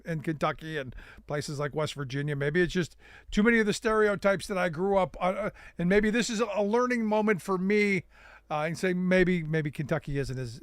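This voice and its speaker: Brief: male political talk host, high gravelly voice, halting, keeps restarting, dry close sound. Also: no room sound. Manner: halting, many restarts, self-deprecating asides. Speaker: radio talk show host. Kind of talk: political talk show chat.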